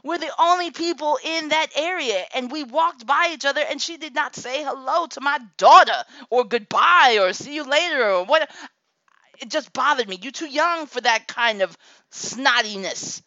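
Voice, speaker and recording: Woman, comic monologue as a mom, high lively voice, dull dry lo-fi sound. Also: moderate pace, no room sound. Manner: animated, laughs often, exasperated outbursts. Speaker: mother telling a story.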